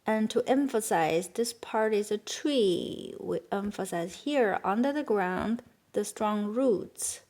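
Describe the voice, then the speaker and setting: A Chinese-accented woman teaching beginners, explaining patiently in simple English and saying words slowly and carefully. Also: mid-range voice, darkish tone. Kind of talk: beginner language lesson.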